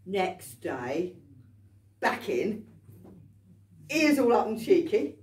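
Speaking very slowly at medium pitch, with big pitch swings and a slightly mellow tone, a woman performs a story at a folk club in a pub. Her manner is chatty and playful; she laughs between lines and urges the audience to join in. The mic is distant and the room echoes.

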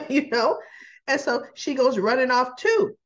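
A woman hosting a casual soap opera recap, chatty and quick to act out the characters' lines with little laughs. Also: high-pitched, lo-fi sound. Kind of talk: casual chat.

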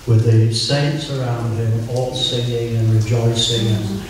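An older man from England giving an informal, joking sermon, slowing down whenever he quotes scripture. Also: medium pitch, flat delivery, background noise. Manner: chatty, self-mocking, slows right down for scripture. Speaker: preacher. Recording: echoey room, voice from far off.

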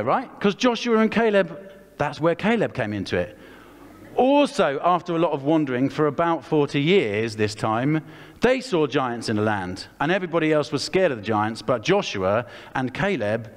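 A man with an English accent preaching a lively storytelling sermon, acting out the characters as he tells the story. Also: medium pitch. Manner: animated, acts out the characters' voices. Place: church hall. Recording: long hall reverb.

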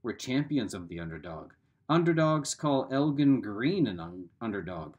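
A man's voice: mid-range voice, very animated, moderate pace, husky, muffled recording. A man voicing a fierce, sarcastic teenage girl. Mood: sharp. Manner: sharp, sarcastic, scolding.

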